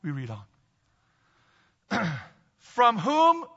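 A man's voice: extremely high pitch, wildly swooping pitch, very slow, a bit bright, long reverb tail, muffled recording. A man preaching a sermon as pastor, emphatic and repetitive, calling on the congregation to repeat after him.

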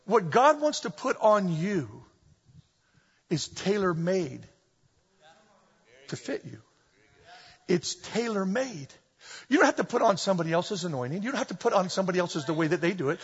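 Husky high-voiced preacher in an echoey hall. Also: male voice, moderate pace, long pauses. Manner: animated preaching with humorous storytelling. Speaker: pastor. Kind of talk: sermon. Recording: dull echoey hall recording.

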